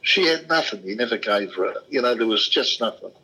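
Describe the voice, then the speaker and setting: Husky man recalling. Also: medium pitch, expressive, brisk, pushed and bright, rough recording. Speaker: interviewee. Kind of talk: casual recollection.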